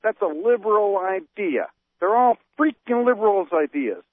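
A man's voice: high-pitched, big pitch swings, moderate pace, no room sound. Man, co-host, talk radio rant, rhetorical questions, tinny phone-line sound. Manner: ranting, fires off rhetorical questions. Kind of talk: political talk radio discussion.

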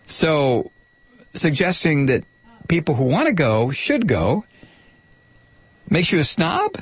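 A man's voice: a little high, wildly swooping pitch, slow, husky, no echo. A man hosting a political talk radio show from a studio microphone, delivering a sardonic, mocking monologue. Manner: sardonic and mocking, laughs at his targets.

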